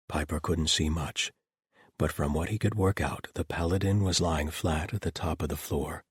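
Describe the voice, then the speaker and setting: Deep, husky male audiobook narrator. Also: normal speed, no room sound, studio quality.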